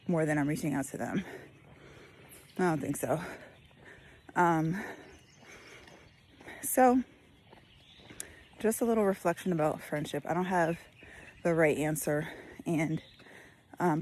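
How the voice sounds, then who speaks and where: A slightly breathless woman with a lilt talks through her thoughts as she walks outdoors. Her voice sits on the lower side and she pauses often to think. Faint birdsong and outdoor ambience sit behind her. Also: a little mellow, slight background noise. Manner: thoughtful, musing, many fillers. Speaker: vlogger. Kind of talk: casual spoken reflection while walking. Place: outdoors on a walk.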